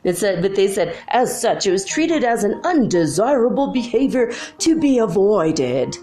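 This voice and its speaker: A middle-aged woman hosting a spiritual channel, telling stories in a giggly, animated way, saying "like" often. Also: medium pitch, moderate pace, faint music behind. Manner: giggly, animated storytelling, frequent "like". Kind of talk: casual monologue.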